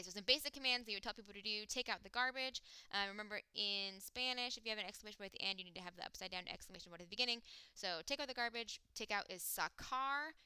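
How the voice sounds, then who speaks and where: A woman teaching a recorded language lesson, explaining step by step with frequent fillers and slowing down to sound out words. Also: mid-range voice, bright, forceful tone, clear, resonant tone, no room sound. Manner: slows down to sound out words and sings a mnemonic. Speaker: Spanish teacher. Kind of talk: recorded classroom lecture.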